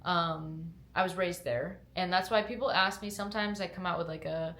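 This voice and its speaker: Speaking at a moderate pace in a lowish, fairly bright voice, this young fitness lifestyle vlogger chats to camera and fields viewer questions with candor, lots of fillers, and hedging, getting upbeat when motivating. Her accent blends upstate New York, where she's from, with a slight Southern twang from her Georgia upbringing. The recording sounds like an echoey room.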